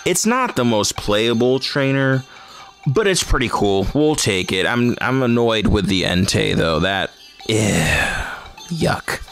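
A man's voice: medium pitch, very animated, takes it slowly, fairly bright tone, faint music behind. A man hosting a casual card-opening vlog, chatting and reacting aloud to each card he pulls. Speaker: host of a card-opening channel.

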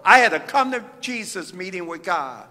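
A middle-aged man from the Midwest, a pastor delivering a fervent sermon with drawn-out phrases and pauses in a church sanctuary. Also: sits high, sing-song, bright, forceful tone. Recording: reverberant church hall.

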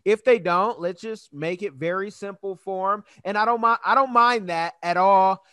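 Man, podcast host, high voice, dry close sound, chatty, laughs easily. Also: a bit bright, no room sound. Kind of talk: casual interview chat.

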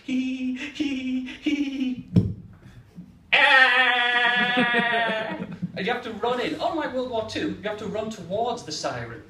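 An English man works through a stand-up set, acting out the people in his stories. His voice sits high and swings widely in pitch. It rings through a roomy space, picked up from a distance with faint ambience behind. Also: quick pace, hardly any pauses. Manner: animated, acts out the characters. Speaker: stand-up comedian. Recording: echoey room, mic from far off.

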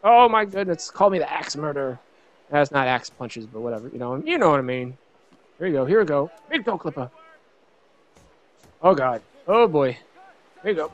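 Excitable young man commenting on a game. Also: fairly high pitch. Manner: excitable, shouts and laughs at big hits. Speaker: gaming YouTuber. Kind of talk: excited let's play commentary.

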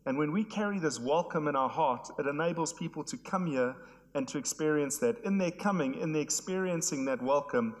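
A hoarse man, preaching an earnest sermon to his church. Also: fairly high pitch, expressive, brisk. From South Africa. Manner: earnest, repetitive emphatic phrasing. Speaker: pastor. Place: church hall. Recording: long hall reverb.

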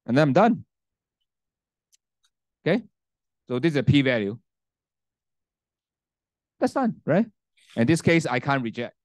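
Here a man with a medium-pitched voice teaches university students, showing them a spreadsheet and frequently asking "okay?" or "right?" as he restarts sentences. He is a lecturer whose first language is Cantonese. The audio is studio quality with no echo, from a handheld mic he sometimes sets aside.

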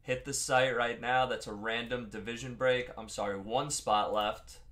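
A man's voice: mid-range voice, steady tone, normal speed, a bit bright. A young man with a Long Island accent hosting a live card-break stream, chatting casually with viewers by name while opening packs. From Long Island, New York.

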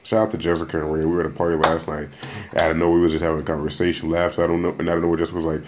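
Very deep and rapid-fire, with little pitch movement, a young male podcast host delivers a casual solo monologue over slight background noise. He jokes around and rambles, frequently repeating himself and starting sentences over.

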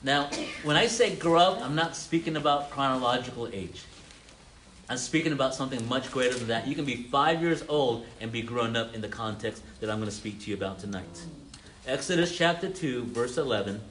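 A male pastor gives an interactive sermon, asking his congregation questions and echoing their replies back. His voice sits at an ordinary middle pitch, with frequent stammered restarts, and a faint hiss sits under the recording. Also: brisk, a bit bright. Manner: calls on listeners, repeats their answers, frequent stammered restarts.

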